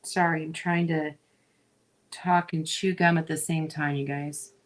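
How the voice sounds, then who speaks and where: A middle-aged woman talks her viewers through a craft project in a slow, unhurried way, often breaking off with small asides and fillers. Her voice sits fairly low for a woman and stays relaxed and conversational. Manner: chatty, talks to viewers while working, frequent fillers. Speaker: craft video host. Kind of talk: casual crafting demonstration.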